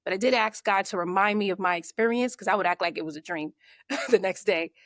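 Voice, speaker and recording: A woman, a podcast guest and marketing coach, telling her story in a lively way and acting out her own thoughts. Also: medium pitch, fairly quick, dry recording, studio quality. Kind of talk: conversational storytelling.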